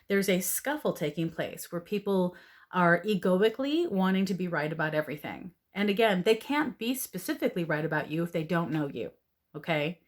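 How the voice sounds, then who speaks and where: Woman host of a spiritual advice talk, earnest and pleading, pitched a bit low. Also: animated, a little fast. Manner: earnest, pleading, with frequent "right?" and "okay?". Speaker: oracle card reader.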